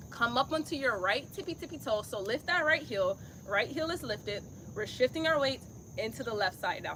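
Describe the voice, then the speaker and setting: Upbeat woman yoga instructor with a high, bright voice, chatty and encouraging, on a phone outdoors with faint crickets. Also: slight background noise. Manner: chatty, encouraging, talks through her own effort. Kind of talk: live-streamed yoga class instruction.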